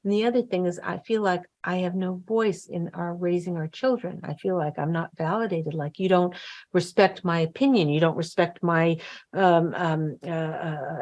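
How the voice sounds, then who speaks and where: A woman hosting a talk show, coaching in a casual chatty way, often acting out what wives and husbands might say. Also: lowish voice. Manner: chatty, acts out quoted voices, frequent fillers and restarts.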